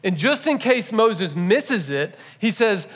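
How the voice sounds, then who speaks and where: A man preaching a church sermon as a pastor, teaching in a conversational, animated way with playful asides to the congregation. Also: high-pitched, slow pace. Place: church service.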